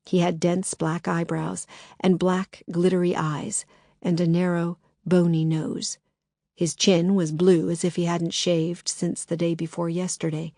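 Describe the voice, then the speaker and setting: A woman narrating a novel as an audiobook, steady and measured. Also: fairly low pitch, no echo, studio quality. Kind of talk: scripted narration.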